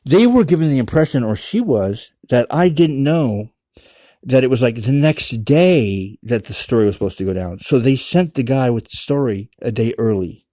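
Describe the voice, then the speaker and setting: Male storyteller, mellow voice, dry close sound, rambling and profane. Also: mid-range voice, lively intonation, normal speed, no room sound. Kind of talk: casual personal storytelling.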